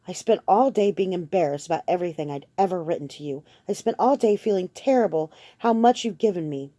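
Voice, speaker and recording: A woman reading as an earnest young female servant, direct and indignant, with a hurt edge under her words. The voice is mellow and low-pitched, recorded close and dry. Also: lively intonation, a little fast, no room sound.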